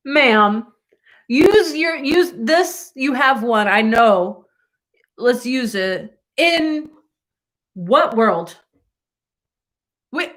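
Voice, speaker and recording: A woman's voice: high-pitched, expressive, drawn-out words, long pauses, fairly bright tone. A young woman vlogger telling a rambling story to her viewers with lots of asides and laughter.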